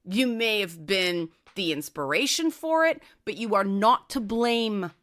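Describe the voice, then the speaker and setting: A woman's voice: lively intonation, unhurried, a bit bright. A woman hosting a talk show, giving direct, conversational advice and often tagging her points with a questioning "right?". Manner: acts out quoted voices with raised pitch. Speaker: podcast host.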